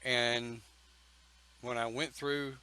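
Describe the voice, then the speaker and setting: Speaking for a pagan church, this man takes his time, with frequent pauses between phrases, as if chatting casually to a camera. His medium-pitched voice has a bright, clean, forceful tone and a folksy, emphatic storytelling style, yet his delivery is flat. Audio quality is poor.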